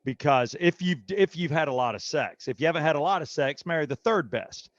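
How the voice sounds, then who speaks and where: A brash middle-aged man tells bawdy tales in a slightly high voice, animated and unfiltered. The recording is dry and a little dull, with no room around it. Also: fairly quick, dry recording. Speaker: guest comedian. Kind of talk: casual storytelling.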